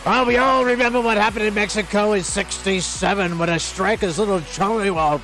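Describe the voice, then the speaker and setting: A man doing a self-assured foreign soccer expert with a muddled, hard-to-place accent. He delivers nonsense with deadpan confidence, pitched a bit high, over a faint music bed. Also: fairly quick. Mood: mock-earnest. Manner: jokey, deadpan bluster. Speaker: radio co-host.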